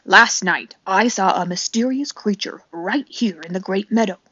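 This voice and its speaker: A fussy, alarmed male owl, as a woman reading a storybook puts him on, hooting and screeching loudly. The recording is dull and dry. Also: medium pitch, moderate pace, husky, dry recording. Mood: announcing.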